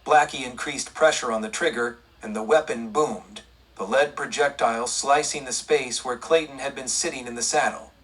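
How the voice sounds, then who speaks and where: A man narrating a western audiobook in a steady, even storytelling read. His voice is husky, of middling pitch, and recorded a little way back from the microphone. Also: moderate pace, distant mic, low-quality recording. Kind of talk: scripted narration.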